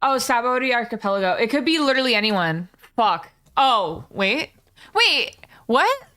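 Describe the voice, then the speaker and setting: A woman streamer in casual live-stream chat, chatty and excitable, swearing freely as she talks to her viewers. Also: fairly high pitch, normal speed.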